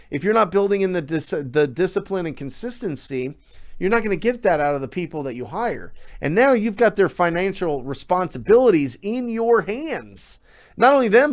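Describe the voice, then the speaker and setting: A man giving a motivational talk as a real estate coach, energetic and emphatic, often repeating words for emphasis. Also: high-pitched, normal speed.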